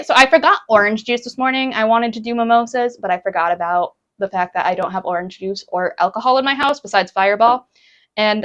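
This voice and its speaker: A woman's voice: medium pitch, fairly bright tone, highs cut off. A young woman chatting casually with her stream from home while she cooks and eats brunch, bubbly and laughing often. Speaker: live streamer.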